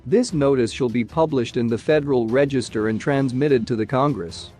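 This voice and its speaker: A man reading a news bulletin in a steady, even, scripted way. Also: mid-range voice, moderate pace, faint music behind. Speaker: news reader.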